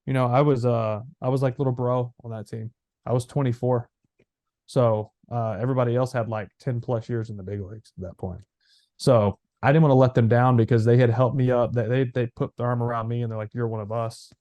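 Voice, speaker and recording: A man in his thirties, a former player co-hosting a podcast, telling stories in an animated way with many fillers. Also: mid-range voice, a little fast, no room sound. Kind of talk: casual chat.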